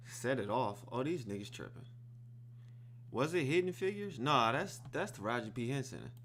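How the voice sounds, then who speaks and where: A man hosting a reaction video, telling the story of a film in a casual, excited, profane way. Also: mid-range voice, normal speed, slight background noise.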